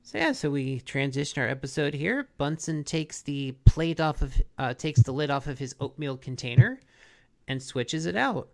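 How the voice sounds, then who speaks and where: A man's voice: a little high, expressive, moderate pace, vocal fry. A man co-hosting a podcast, casually recapping a cartoon episode with jokes and quoted voices. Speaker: podcast co-host.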